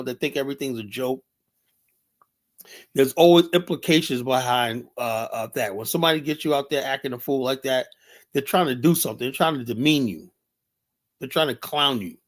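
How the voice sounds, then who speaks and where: A middle-aged man hosting a livestream, talking off the cuff in a blunt, heated and profane way, rambling and filling gaps with "you know". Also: medium pitch. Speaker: livestream host. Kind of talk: unscripted livestream commentary.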